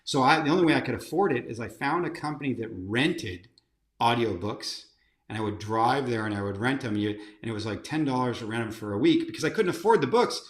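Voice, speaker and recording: A man's voice: mid-range voice, brisk, reverberant. A man, a company chief executive, telling career stories as a guest in an interview, with lots of fillers and restarts. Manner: animated anecdotes, many fillers and restarts. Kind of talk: storytelling in an interview.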